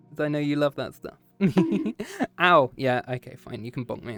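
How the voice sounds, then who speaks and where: A man's voice: a little high, big pitch swings, measured pace, a bit bright, soft background music. A man streaming a casual chat with his viewers after a history lesson, playful and teasing, often slipping into meows and growls.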